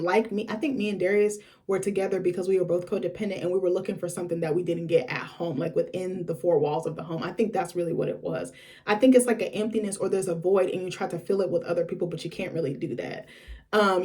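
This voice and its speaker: Fast-talking young woman vlogger. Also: mid-range voice, a little mellow. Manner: chatty, frequent filler words. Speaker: vlogger host. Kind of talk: candid casual storytelling.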